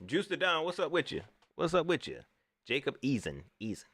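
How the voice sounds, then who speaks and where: This sports vlogger speaks fairly quickly as he jokes on a livestream about his football team, his casual, slangy delivery full of lively pitch leaps. The audio is close and dry, without echo.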